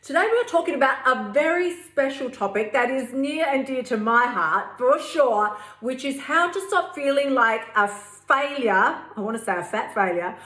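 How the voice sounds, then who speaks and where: A woman's voice: fairly high pitch, a bit bright. A woman hosting her own podcast, chatty and frank, with slang and swearing. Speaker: podcast host. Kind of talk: energetic solo podcast talk. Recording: roomy echo.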